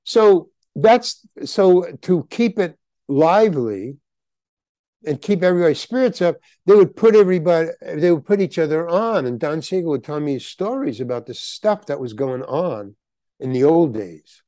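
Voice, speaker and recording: An older man spins loose, rambling stories in a relaxed interview, slipping into the voices of the people he quotes. His voice sits fairly high but has a dark, mellow tone. The sound is dry and close. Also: normal speed, no room sound. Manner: rambling storyteller, acts out quoted dialogue. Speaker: guest actor. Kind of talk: casual anecdotal interview.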